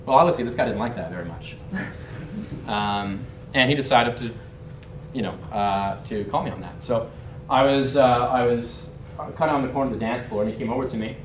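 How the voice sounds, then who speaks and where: A man's voice: mid-range voice, normal speed, a little hiss or hum. A young man teaching body language through a candid, brash story, swearing and laughing as he talks, heard through a distant mic in a roomy space. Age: young adult. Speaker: body language and dating instructor. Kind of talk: casual storytelling lesson.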